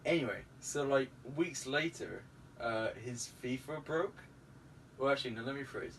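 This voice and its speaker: A young man, chatting casually with a friend and telling stories in an animated way. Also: medium pitch, moderate pace. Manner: animated storyteller, acts out quotes. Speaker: host. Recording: distant mic with faint background noise.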